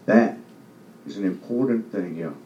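A man's voice: on the low side, moderate pace, mellow, slight background noise. A man giving a loose, conversational testimony to a church congregation, often asking if they understand. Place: church hall. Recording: echoey hall from far off, dull sound.

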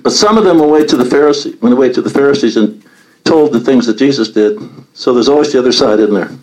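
A man's voice: medium pitch, fast, a little mellow, poor audio. A man leading a Bible study, reading scripture aloud and commenting on it earnestly.

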